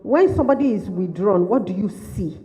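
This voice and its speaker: In this lo-fi clip soaked in long hall reverb, a woman trainer in behaviour management addresses caregivers at a workshop. Her mid-range voice is dark and expressive, moving a little fast as she rattles off repeated questions and restates what she's said.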